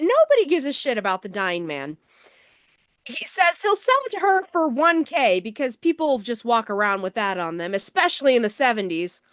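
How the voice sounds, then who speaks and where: A woman's voice: high-pitched, a bit bright, no echo. A woman co-hosting a movie review show, recapping the plot in a casual, wry, sarcastic way. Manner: sarcastic, wry, swears offhandedly.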